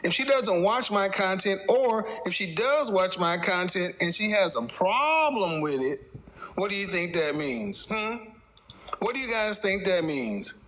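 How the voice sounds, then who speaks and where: A man's voice: high-pitched, animated, fairly bright tone, slight background noise. A man giving a casual opinion monologue as a dating commentator, speaking mockingly and addressing his audience directly. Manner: mocking, lecturing, slips into quick impressions.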